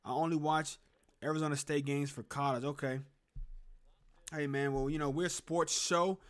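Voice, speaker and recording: A young man hosts a laid-back sports stream from his room. His voice sits a bit on the high side, and he rambles and chats with viewers while calling plays through a desk mic. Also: steady tone, normal speed, clean tone. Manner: rambling, chatty, talks to viewers in chat. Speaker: sports show host. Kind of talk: casual live game reaction stream. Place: at home in a room with a closet.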